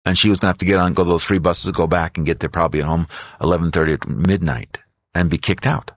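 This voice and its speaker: A middle-aged man, an author and guest, telling an animated story in an interview and acting out other people's voices. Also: low-pitched, fast, dry recording.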